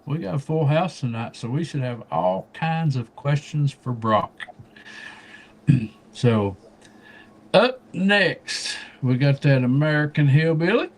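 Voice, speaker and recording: A man's voice: a little high, expressive, slow pace, a little hiss or hum. A man from Kentucky hosting a casual livestream, introducing guests one by one with folksy jokes. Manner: folksy, joking. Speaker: livestream host.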